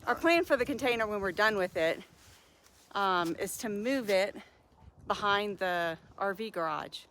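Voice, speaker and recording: A woman's voice: mid-range voice, expressive, a little slow, a bit bright. Casting: woman vlogger, casual, winded from carrying heavy furniture uphill outdoors, slight hiss in the background. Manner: chatty, laughs often, carrying heavy chairs uphill. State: out of breath. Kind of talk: casual vlog narration. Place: outdoors on a mountain lot.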